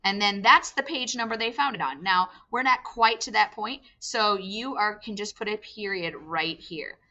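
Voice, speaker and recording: A woman's voice: medium pitch, moderate pace, sharp tone, muffled recording. A woman teacher giving a recorded lesson to young students, explaining step by step with patience.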